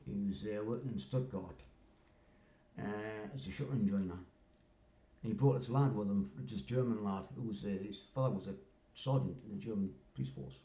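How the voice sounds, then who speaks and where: Speaking briskly in a lowish, warm voice, an older North East England man wanders through an informal story and keeps checking "you know what I mean." The room adds a noticeable echo.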